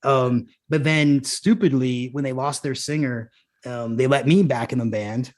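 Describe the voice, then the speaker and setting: A former punk musician turned showrunner tells rambling stories in a casual podcast conversation, peppered with "like" and restarts. His voice is medium-pitched, steady, and unhurried.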